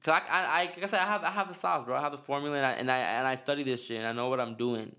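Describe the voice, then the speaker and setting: A man hosting a podcast, rattling off his thoughts at a fast clip. He rambles in casual slang and keeps restarting his sentences. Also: mid-range voice, bright, forceful tone, clear, resonant tone. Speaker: podcast host. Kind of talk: casual chat.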